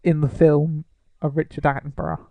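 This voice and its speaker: A man's voice: fairly high pitch, flat delivery, moderate pace, warm tone, no echo. A man co-hosting a casual podcast, sarcastic and mock-indignant. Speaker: podcast co-host.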